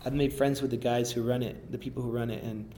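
A man's voice: mid-range voice, fairly even intonation, fast talker, mellow, a little hiss or hum. A man, a rapper, talking casually in an interview, rambling and restarting often with enthusiasm.

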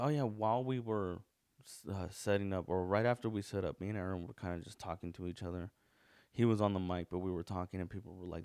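A man's voice: low-pitched, a little mellow, dry recording. A man hosting a podcast, telling a story in a casual, rambling way with lots of swearing, fillers and restarts. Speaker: podcast host.

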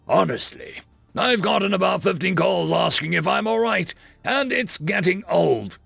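A man voicing a weary human general with a gravelly voice and a dry, sardonic manner. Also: high voice, animated, a little slow, fairly bright tone, dry recording, faint music behind, pitched above the performer's own voice, exaggerated voice.

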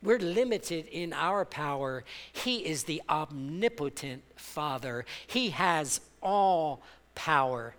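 Male pastor, high and bright, unhurried; impassioned sermon delivery, rising to loud exhortation, calls on the congregation to respond. Church reverb. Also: animated. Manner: impassioned preaching that swells from soft to loud; leads the congregation in call-and-response. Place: church sanctuary.

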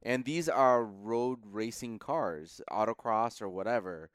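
A man's voice: on the low side, unhurried, smooth, no room sound, studio quality. A man co-hosting a car podcast in casual chat, often backing up his partner with short agreements. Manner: agreeable, frequent short affirmations. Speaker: podcast co-host.

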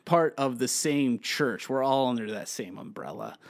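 A man in his thirties co-hosting a podcast, telling stories in a lively, chatty way with plenty of fillers. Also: medium pitch, normal speed, creaky. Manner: animated storytelling with many fillers. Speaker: podcast co-host. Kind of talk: casual chat.

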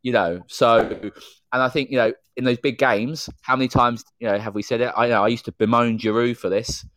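A man's voice: mid-range voice, fairly even intonation, brisk, a bit bright, dry recording. A man calling in to a casual football podcast, giving his opinions fluently with lots of "you know" fillers.

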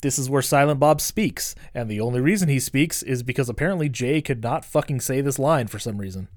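A man's voice: mid-range voice, a little fast, darkish tone. A man hosting a casual podcast chat, swearing freely and acting out scenes. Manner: laughing, profane, acts out scenes. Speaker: podcast host.

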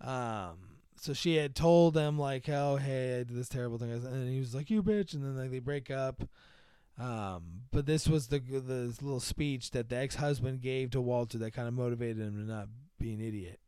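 Clear-voiced man rambling about movies. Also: medium pitch, normal speed, dark tone, no room sound. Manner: rambling, laughing, full of fillers. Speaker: podcast host. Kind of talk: casual movie-review chat.

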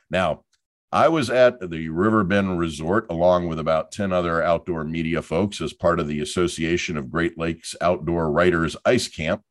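A middle-aged man hosts a podcast in a very low voice, spinning jokes and stories with a showman's patter. The sound is dry and close, with no room around it. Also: no room sound. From Florida. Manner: jokey, storytelling showman patter. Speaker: podcast host. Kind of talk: hosted podcast monologue.

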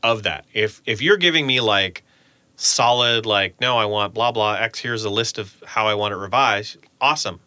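Homem animado de voz brilhante. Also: male voice, on the low side, normal speed, no room sound. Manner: animated, acts out quotes in a raised voice. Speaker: game studio lead who hires contractors. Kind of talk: casual podcast chat.

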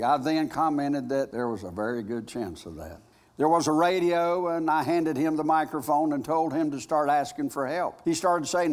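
A male pastor preaching a sermon, telling a story dramatically and moving between loud and hushed delivery. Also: a little high, moderate pace. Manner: dramatic storytelling with big swings in loudness. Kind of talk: sermon with a retold personal story.

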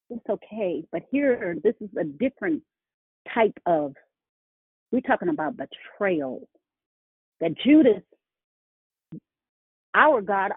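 A woman's voice: medium pitch, breathy edge, no room sound. A woman preaching a sermon, emphatic and repeating words for effect. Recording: tinny phone-line sound.

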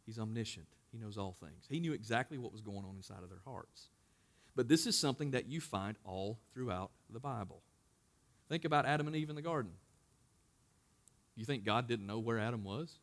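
A pastor preaching to his congregation, his voice sitting a little high for a man. He swings from loud, emphatic stretches down to quiet, hushed asides, and raises his voice when he acts out quotes. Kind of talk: sermon.

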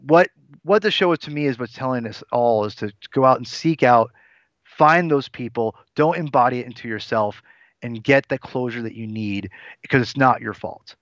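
A man's voice: medium pitch, normal speed, a bit bright, no room sound. A man in his forties co-hosting a podcast, talking in an earnest, rambling way with many restarts. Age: 40s. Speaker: podcast co-host. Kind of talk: casual podcast discussion. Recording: dull lo-fi dry sound.

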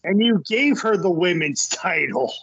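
A man's voice: high voice, expressive, measured pace, a bit bright, husky, no room sound. A man guesting on a casual podcast chat, hesitant, with many fillers and restarts.

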